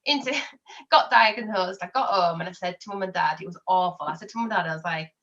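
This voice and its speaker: A woman's voice: fairly low pitch, fast, fairly bright tone, muffled recording. A woman, a podcast guest chatting openly and telling personal stories. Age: 20s. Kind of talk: casual chat.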